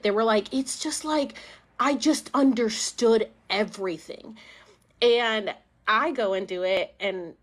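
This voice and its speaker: A young woman who hosts a podcast casually tells a personal story on a live stream, chatty, using many fillers and acting out quotes. Her voice is medium-pitched and a bit bright.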